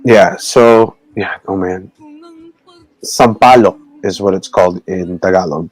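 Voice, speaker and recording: A man talking slowly on a video call, stopping and restarting with lots of fillers as he explains words. He laughs often between phrases, and his voice sits dry and close with no room around it. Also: low-pitched, no echo, faint music behind, rough recording. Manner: halting, rambling, many fillers and restarts. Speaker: co-host teaching Tagalog words. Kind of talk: casual chat on a video call.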